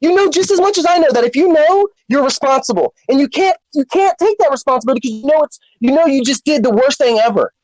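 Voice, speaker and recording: A woman's voice: high voice, lively intonation, quick pace, few pauses, a little mellow, no echo, low-quality recording. Furious woman cursing in voice chat. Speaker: Discord server member. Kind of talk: heated voice-chat argument.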